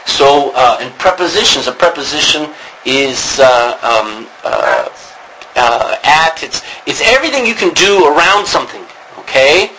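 Bright-voiced man lecturing, full of ums. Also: mid-range voice, big pitch swings, a little slow, a little hiss or hum, rough recording. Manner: rambling, many ums and restarts. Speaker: Bible Greek teacher. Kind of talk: classroom lecture. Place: classroom.

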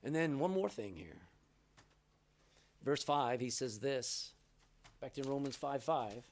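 A man preaching a sermon, swinging between loud and soft, reading scripture aloud. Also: medium pitch, lively intonation, slow pace, slight background noise. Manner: reads scripture aloud in old-style wording. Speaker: pastor.

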